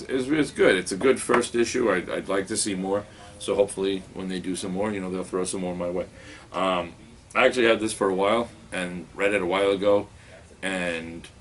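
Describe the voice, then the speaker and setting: A man reviewing new comic books in casual chat, rambling and wry, full of fillers and restarts, in a comic book store. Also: deep voice.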